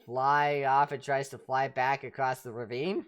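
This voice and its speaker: A woman narrating as game master of a tabletop game, animated and prone to restarting sentences. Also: extremely low pitch, a little slow.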